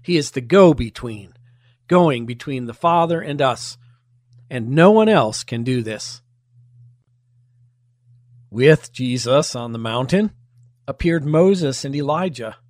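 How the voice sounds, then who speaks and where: A man preaching a sermon, measured and emphatic, with pointed rhetorical questions. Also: medium pitch, animated, a little mellow, dry recording, clean studio sound. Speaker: pastor.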